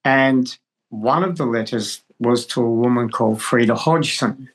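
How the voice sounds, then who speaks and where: An older man, a guest actor, spinning a long anecdote with halting restarts. He talks in a relaxed, conversational way and comes through on a video call. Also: medium pitch, rough recording. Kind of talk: storytelling in conversation.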